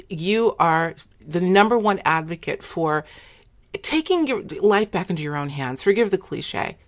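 A woman hosting an interview, talking emphatically in quick bursts and laughing often. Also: low voice. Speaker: interview host. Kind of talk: enthusiastic interview chat.

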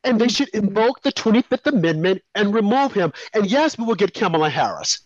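A man's voice: high-pitched, big pitch swings, brisk, no room sound, muffled recording. A man co-hosting a talk radio show, giving emphatic, indignant commentary. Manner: emphatic, indignant, mimics others.

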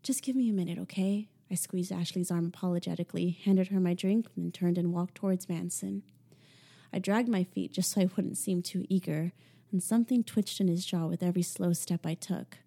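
Brief: young woman, first-person audiobook read, mellow and lowish, intimate hush. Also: steady tone, normal speed, creaky. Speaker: audiobook narrator.

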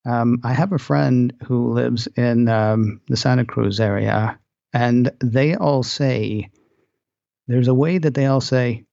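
A man's voice: mid-range voice, fairly even intonation, takes it slowly, creaky, mellow, no echo, dull audio. A man hosting a podcast in casual chat, rambling and qualifying himself as he goes. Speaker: podcast host.

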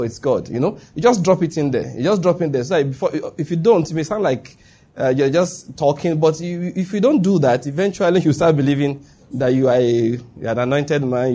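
A man's voice: mid-range voice, warm tone. A man giving a conversational sermon, full of asides and rhetorical questions. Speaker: preacher.

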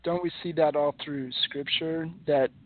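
A man's voice: fairly high pitch, fairly even intonation, measured pace. A man in his forties hosting a faith podcast, asking earnest questions with frequent restarts. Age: 40s. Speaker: podcast host. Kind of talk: casual chat. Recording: tinny phone-like audio.

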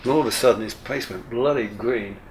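An older man, a retired airline captain, telling a lively, mildly profane story in an interview. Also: medium pitch, a little fast, heavy background noise. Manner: lively, swears casually, full of restarts. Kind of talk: casual anecdotal storytelling.

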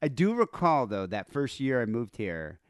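A man in his thirties, raised in South Africa, spins animated stories on a podcast and keeps restarting his sentences. His pitch swoops up and down freely. The sound is dry and close, with no room behind him. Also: moderate pace, smooth, dry recording. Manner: animated storyteller, frequent restarts. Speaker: podcast co-host. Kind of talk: casual chat.

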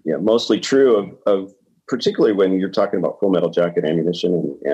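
An older man with a deep, husky voice speaks bluntly and frankly as an ER doctor guest, trailing into fillers now and then. His sound comes over a dull, muffled line. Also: darkish tone. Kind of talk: casual podcast conversation.

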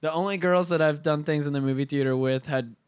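A man's voice: a little high, fast talker, clean tone, no echo, clean studio sound. A man co-hosting a podcast, chatting casually and teasing the others with sweary jokes. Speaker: podcast co-host. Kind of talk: casual chat.

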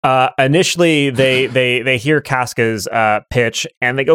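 A man's voice: mid-range voice, measured pace, hardly any pauses, fairly bright tone, smooth, no echo. A man narrating as game master in a tabletop game, playful and rambling.

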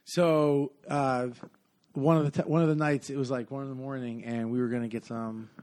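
A man's voice: mid-range voice, flat delivery, moderate pace, a little mellow. A man telling a long story in casual podcast chat, rambling with many fillers and acting out what people said.

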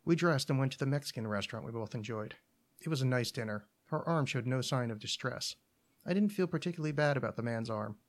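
Calm man reading a short story. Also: medium pitch.

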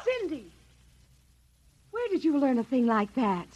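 A gentle mother soothes and worries in a slightly high, breathy voice that rises and falls a lot. The sound is dull, like an old 1950s radio broadcast. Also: sing-song, unhurried, exaggerated voice. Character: gentle, anxious young mother. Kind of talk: 1950s radio drama acting.

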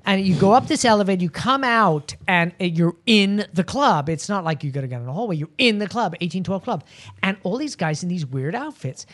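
A man's voice: sits high, animated, fairly quick, a bit bright. A man hosting a podcast, rambling and joking with plenty of swearing. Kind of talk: casual panel chat. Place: studio with live audience.

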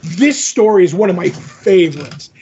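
A man co-hosting a podcast, casually retelling a comic story in a rambling, animated way with lots of fillers. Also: high-pitched, normal speed, lo-fi sound, a little hiss or hum. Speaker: podcast co-host.

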